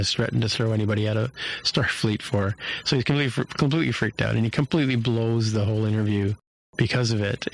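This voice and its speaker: A man's voice: fairly low pitch, rough recording. A man in casual podcast chat, recapping a show with a rambling flow of fillers and restarts.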